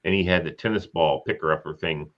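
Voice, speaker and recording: This is a very deep-voiced man talking at a quick pace as host of a laid-back live chat. He's talkative, wanders through anecdotes and acts out what people said, all captured in slightly muffled lo-fi sound.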